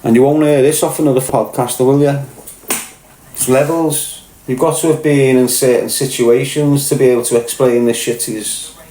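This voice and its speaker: A man's voice: medium pitch, fairly even intonation, moderate pace, mellow, a little hiss or hum. A man with a Scouse accent hosting a podcast, ranting in crude, joking, mock-aggressive banter. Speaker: podcast host. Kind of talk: casual livestream rant. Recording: roomy echo.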